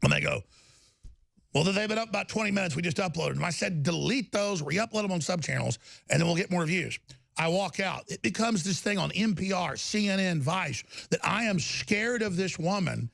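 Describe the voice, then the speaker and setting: A man hosting a live talk show, bantering loudly and breaking into mock British orator voices. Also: sits high, expressive, moderate pace, creaky, dry recording. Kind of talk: bantering live broadcast chat.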